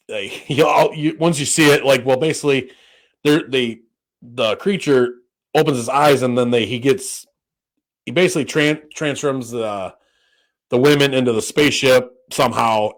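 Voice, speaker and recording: Man, podcast co-host, casual rambling chat, fillers and restarts, swears freely, mid-pitched voice.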